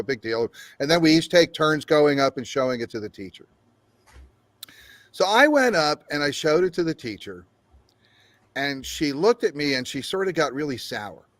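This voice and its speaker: A man's voice: medium pitch, dry recording. An older man, a game developer guest, telling a long story in an interview with frequent laughs and acted-out quotes. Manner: animated storyteller, laughs often, acts out quotes.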